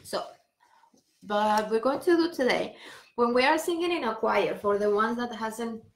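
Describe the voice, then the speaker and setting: Woman, singing teacher, unhurried, gentle coaching, roomy echo. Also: a little high. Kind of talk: guided vocal warm-up. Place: home room on a live stream.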